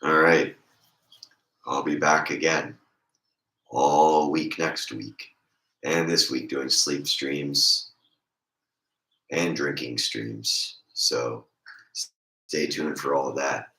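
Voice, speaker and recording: A man with a very deep, congested voice chats slowly and casually on a stream. His tone is bright despite the low pitch, and the room around him is echoey. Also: steady tone. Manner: slow rambling talk, voice squeaks and crackles when raised. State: congested throat.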